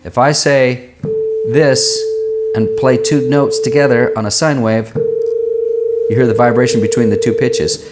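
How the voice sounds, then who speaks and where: A man working as a vocal coach, answering viewers' singing questions and demonstrating vowels and pitches with his own voice. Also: fairly even intonation, measured pace, long pauses, very noisy. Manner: explanatory, uses everyday comparisons.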